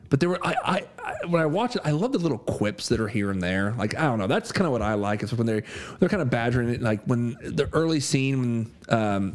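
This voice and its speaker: Rambling man reviewing a movie. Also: medium pitch. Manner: rambling, repeats words, swears casually. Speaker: podcast co-host. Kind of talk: casual movie review chat.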